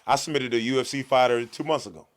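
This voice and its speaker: A man in a relaxed podcast conversation, a stand-up comic who tells stories by jumping into the voices of the people in them. His delivery sits at an ordinary middle pitch, animated and playful. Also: fast talker. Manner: animated storyteller who acts out voices in quotes. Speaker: guest comedian. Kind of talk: casual podcast chat.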